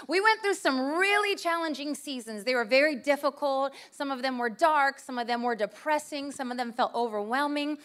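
A woman's voice: high-pitched, normal speed, few pauses, a bit bright. A woman preaching to her church, telling funny personal stories in a chatty, self-mocking way and acting out the voices in them. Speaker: pastor's wife preaching. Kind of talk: sermon with storytelling. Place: church service.

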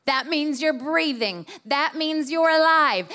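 A woman's voice: high-pitched, expressive, takes it slowly, few pauses, sharp tone. A woman preaching to her church, telling funny personal stories in a chatty, self-mocking way and acting out the voices in them. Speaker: pastor's wife preaching. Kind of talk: sermon with storytelling. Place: church service.

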